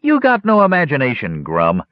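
A man's voice: mid-range voice, wildly swooping pitch, normal speed, no echo, lo-fi sound, pitched above the performer's own voice. A man reading an audiobook, voicing a greedy, mocking goblin soldier with a harsh voice. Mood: sneering. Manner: mocking, scheming. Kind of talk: audiobook character voice.

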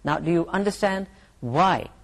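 A middle-aged woman with a Pakistani English accent giving a university English lecture, slow and deliberate, repeating and rephrasing her points. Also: on the low side. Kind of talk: recorded lecture.

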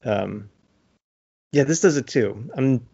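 A man's voice: mid-range voice, takes it slowly, creaky, husky, highs cut off. A man in casual podcast chat, animatedly retelling a TV episode with lots of fillers. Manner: animated retelling with acted-out quotes, many fillers. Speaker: podcast co-host.

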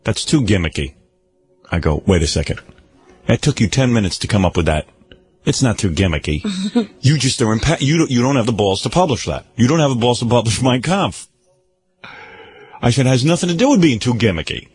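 A man's voice: medium pitch, brisk, long pauses, breathy edge. A man hosting a talk radio show, telling a long story with lots of laughter and acting out the other people's lines. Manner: animated, laughing often, acts out quoted voices.

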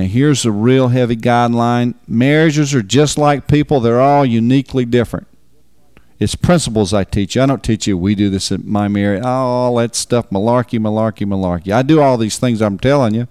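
A man's voice: fairly low pitch, a little mellow, clean tone, no echo, studio quality. A man preaching on marriage in a folksy, emphatic way, repeating words for stress. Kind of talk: sermon.

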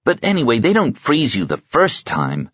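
A man voicing a young girl who speaks in a hushed, worried whisper. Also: mid-range voice, huge pitch swings, moderate pace, slightly rough, no echo, highs cut off, voice pushed up, full character voice. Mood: pleased. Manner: hushed, questioning.

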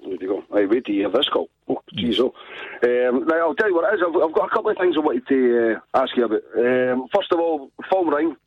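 A Scottish man rambles on cheerfully as a phone-in caller, his story spilling out in loose, chatty runs. His voice is husky and comes through a thin, tinny phone line with no room sound at all. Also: mid-range voice, very animated, fairly quick, no echo. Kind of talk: phone-in call.

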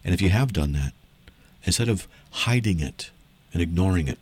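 A man's voice: low voice, lively intonation, moderate pace, a little mellow, husky. A man hosting a Christian call-in radio show, talking emphatically and in a preachy way, his voice climbing sharply when he argues.

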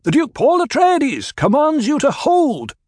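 A man's voice: medium pitch, animated, moderate pace, dry recording, clean studio sound, voice pushed up, close to an everyday voice. A man reading an audiobook voices a commanding young male duke who barks stern orders. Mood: commanding shout. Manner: barks orders, rising to shouts. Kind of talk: audiobook character voice.

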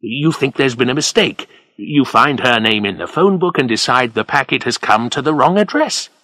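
A man's voice: medium pitch, lively intonation, normal speed, bright, forceful tone, no echo. A man voicing a nervous, desperate middle-aged man in trouble, pleading and urgent in a storybook reading. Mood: eager, scheming. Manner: pleading, rising and shaking with panic.

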